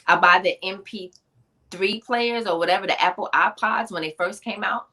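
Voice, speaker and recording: As a guest on a podcast interview, a woman who is an author and speaker tells her life story emphatically and animatedly, in a conversational way with slang asides. Her voice is medium in pitch and moderately paced.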